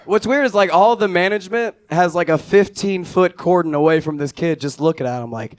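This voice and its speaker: A young man doing stand-up, telling a story with dry, offhand delivery that drops low and quiet on the punchlines. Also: a little fast, hardly any pauses. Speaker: stand-up comedian.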